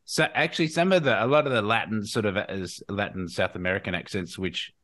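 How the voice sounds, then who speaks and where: Halting man, voice actor guest. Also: lowish voice, fairly bright tone. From England and Australia. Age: older. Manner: halting, many restarts, laughs often. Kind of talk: casual podcast chat.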